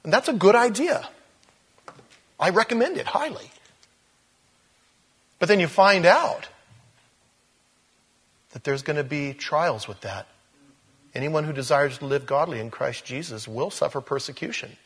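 A man preaching a sermon, animated, often repeating words and speaking straight to his listeners. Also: fairly high pitch, a little slow, pauses often, breathy edge. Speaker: pastor.

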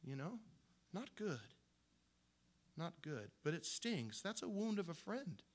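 A man's voice: on the high side, takes it slowly. Man preaching a conversational sermon. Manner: conversational, animated storytelling with many restarts. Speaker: pastor.

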